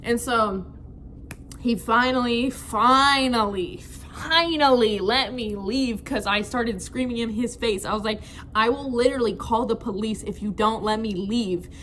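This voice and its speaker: A young woman telling a frank, animated storytime to her viewers, full of slang and "like". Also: on the high side, unhurried, a little hiss or hum. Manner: animated, frank, slangy, many fillers like "like" and "bro". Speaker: vlogger. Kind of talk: casual storytime chat.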